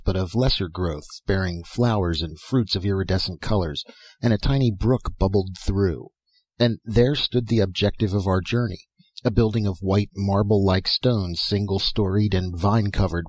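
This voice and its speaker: A man narrates a fiction audiobook in a measured, even reading. His voice is very low and husky. The recording is dry, with no room sound. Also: no room sound. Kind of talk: scripted narration.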